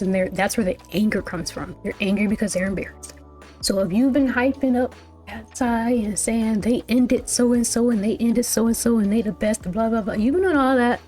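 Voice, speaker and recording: A woman hosts a casual music reaction, rambling from thought to thought with plenty of fillers and self-corrections. Her voice sits in an ordinary middle pitch. Faint music hums in the background. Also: a little mellow. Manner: rambling, chatty, full of "like" and restarts. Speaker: music reaction channel host.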